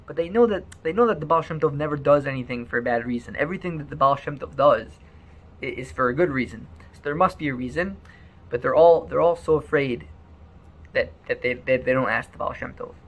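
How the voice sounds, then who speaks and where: Male storyteller, animated, stammery restarts, gravelly tone. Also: medium pitch, brisk. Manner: animated, repeats words often.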